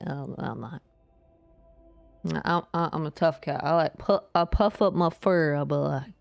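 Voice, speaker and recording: A woman streaming a game live, chatting casually and playfully with her viewers and greeting them in a high sing-song voice. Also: normal speed, vocal fry, soft background music. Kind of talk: casual live-stream chat while gaming.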